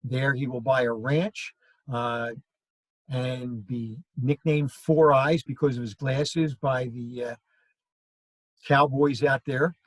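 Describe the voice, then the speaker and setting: A man's voice: medium pitch, steady tone, takes it slowly, dry recording, low-quality recording. A male history teacher giving a classroom lecture, telling stories and acting out quoted lines. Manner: storytelling, acts out quoted lines.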